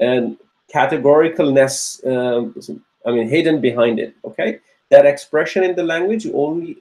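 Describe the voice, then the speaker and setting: A man's voice: fairly high pitch, a little mellow, low-quality recording. Encouraging man teaching a grammar drill. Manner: repeats questions, praises students by name; patient, encouraging drill questioning. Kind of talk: live online class lecture.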